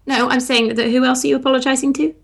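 A woman's voice: high-pitched, level tone, fast, vocal fry. A woman with an English accent co-hosting a podcast, chatting casually and teasing, with lots of fillers. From England. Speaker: podcast co-host. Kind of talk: casual chat.

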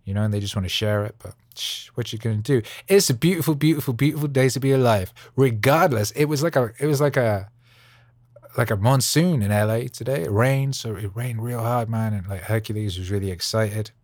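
A man hosting a podcast, rambling casually in an animated, jokey way full of slang. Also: fairly low pitch, fairly quick, no echo, clean studio sound. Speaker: podcast host. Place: Los Angeles studio.

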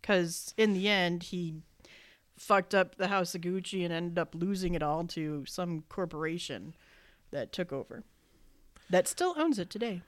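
A woman's voice: fairly low pitch, animated, a little slow, no room sound. A woman co-hosting a podcast, giving blunt, dismissive movie opinions in casual chat. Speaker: podcast co-host.

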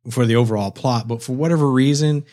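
A man's voice: mid-range voice, quick pace, warm tone. A man co-hosting a casual movie review chat, rambling and correcting himself as he goes, with crude jokes. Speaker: film podcast co-host.

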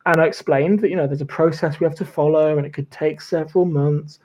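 A man's voice: fairly high pitch, steady tone, quick pace, darkish tone, poor audio. Chatty man telling lawyer stories. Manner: chatty, swears and laughs often, many fillers. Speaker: podcast guest, former lawyer. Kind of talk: casual chat, storytelling.

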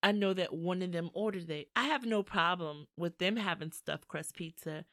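A woman's voice: fairly low pitch, moderate pace, a bit bright, no echo. Laughing, teasing mother on a dry mic. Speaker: podcast co-host, mother. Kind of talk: casual family podcast chat.

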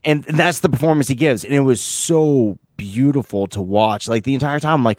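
A man's voice: mid-range voice, normal speed, hardly any pauses, a little mellow, dry recording, studio quality. A man co-hosting a casual podcast about a TV show, who swears often and acts out quotes with energy. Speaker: podcast co-host.

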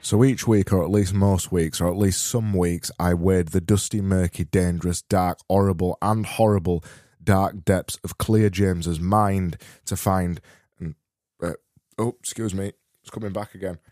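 A man from Barnsley with a broad South Yorkshire accent hosts his own podcast alone. He speaks in a very low, warm, mellow voice, rambling and correcting himself in a deadpan way. The sound is close and dry. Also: measured pace, no room sound. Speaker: podcast host.

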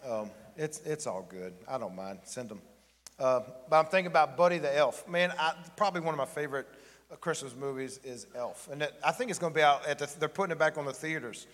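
Brief: male preacher, casual joking sermon style, bit higher voice, reverberant sanctuary. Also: a little fast, a bit bright. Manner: joking, conversational preaching with the congregation. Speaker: pastor. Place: church sanctuary.

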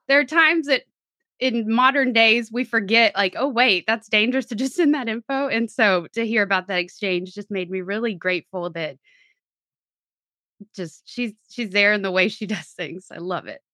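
Telling stories and laughing often, a woman co-hosts a podcast in a casual, chatty way. Her medium-pitched, sharp voice moves at a moderate pace, captured in clean studio sound with no echo.

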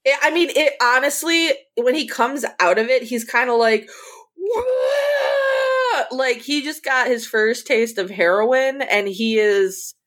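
A woman's voice: on the high side, unhurried, few pauses, fairly bright tone, shouting. A woman co-hosting a casual podcast, animatedly retelling scenes with quoted lines and laughter. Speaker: podcast co-host. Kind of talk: casual recap chat.

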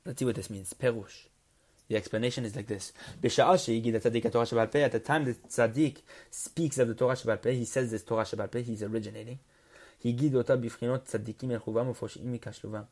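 Male teacher, mid-pitched, reading Hebrew fast and explaining in English. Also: steady tone, a little mellow. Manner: reads Hebrew lines quickly, then explains in English with restarts. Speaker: Torah teacher. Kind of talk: text study lesson, reading Hebrew then translating.

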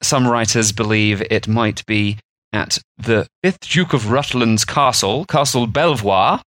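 Speaking at a measured pace, this male co-host explains food history in a loose, rambling chat peppered with fillers. His voice sits fairly low with a fairly bright tone, and there's no echo.

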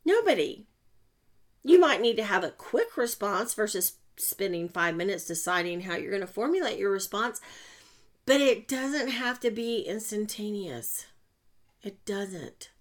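A woman hosting a motivational podcast, chatty and self-mocking, with sudden loud bursts. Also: medium pitch, animated, a little slow. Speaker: podcast host and coach.

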